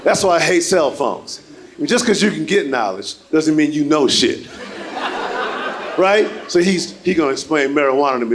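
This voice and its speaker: A man performing a stand-up comedy set on a club stage, animated and shouting his punchlines. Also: on the high side, moderate pace. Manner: animated, loud punchlines, slips into voices for characters. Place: comedy club stage before a live audience. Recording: live stage mic with crowd laughter.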